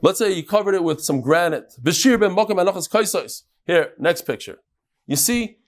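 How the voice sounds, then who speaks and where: A man teaching a lively Talmud class and talking straight to his students. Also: high voice. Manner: animated, talks to the students. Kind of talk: lively Daf Yomi class.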